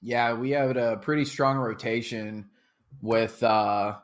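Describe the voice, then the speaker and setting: A man's voice: mid-range voice, fairly even intonation, slow. Hesitant man in podcast chat. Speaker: podcast co-host. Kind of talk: casual sports podcast chat.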